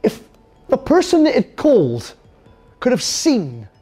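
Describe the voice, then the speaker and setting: A man telling a comic anecdote in a lively, self-amused way. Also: very high voice, a little slow, slightly rough, soft background music. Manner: animated, self-amused storytelling. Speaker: comedian.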